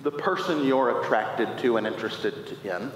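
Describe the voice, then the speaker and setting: A man preaching a sermon, retelling a Bible story with playful, animated storytelling, swinging between loud and quiet. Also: mid-range voice, normal speed. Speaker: pastor. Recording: echoey hall, faint noise.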